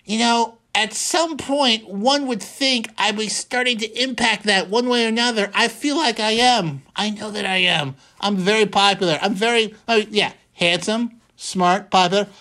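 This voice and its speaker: A man's voice: high voice, normal speed, few pauses, sharp tone. A man hosting a talk radio show, speaking in a wry, sarcastic monologue, repeating lines for emphasis and dropping folksy exclamations.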